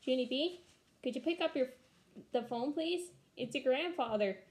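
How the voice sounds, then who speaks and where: Storybook mom: woman doing a calm, polite mother, slightly high voice. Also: moderate pace, lightly acted. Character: patient, tired young mother.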